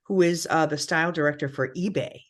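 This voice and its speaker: A middle-aged woman co-hosting a podcast in casual chat, candid and animated, swearing freely. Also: sits low, brisk. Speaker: podcast co-host.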